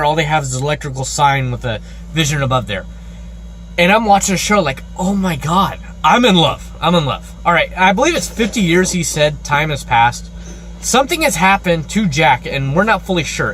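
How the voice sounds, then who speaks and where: A man giving a casual, rambling vlog review with excitable, profane energy. He records himself in an outdoor store parking lot on a handheld phone. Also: a little high, a little hiss or hum. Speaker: show reviewer.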